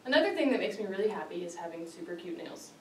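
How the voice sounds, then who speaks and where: A woman's voice: fairly low pitch, big pitch swings, fast talker, a little hiss or hum. Woman, lighthearted prepared speech, laughs a lot; distant mic in an echoey hall, audience audible. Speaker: club speaker.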